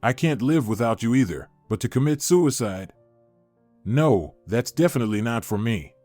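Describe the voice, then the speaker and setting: A man's voice: mid-range voice, lively intonation, normal speed, warm tone, no room sound, faint music behind, close to an everyday voice. A man voicing a whiny, pleading young woman who is having an affair, in a story narration. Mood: curious.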